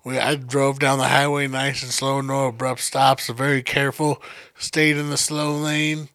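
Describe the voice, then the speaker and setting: A man's voice: mid-range voice, little pitch movement, unhurried, fairly bright tone, no room sound. A young man telling a story in a casual chat, profane and laughing as he goes.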